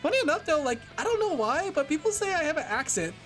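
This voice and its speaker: A woman's voice: sits high, sing-song, fast talker, faint music behind. A woman from California chatting casually on a livestream while drawing, rambling and laughing often. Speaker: VTuber streamer.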